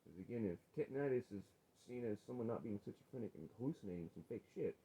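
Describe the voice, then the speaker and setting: A man arguing with his wife on a vlog, profane and confrontational, his voice rising toward yelling. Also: on the low side, expressive, quick pace, husky, low-quality recording. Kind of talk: heated domestic argument on a vlog.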